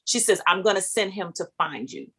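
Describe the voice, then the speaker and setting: A middle-aged woman, a singer, relating a story as an interview guest. Her telling is animated: she acts out each person she quotes and leaps up in pitch for the excited moments. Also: normal speed, breathy edge.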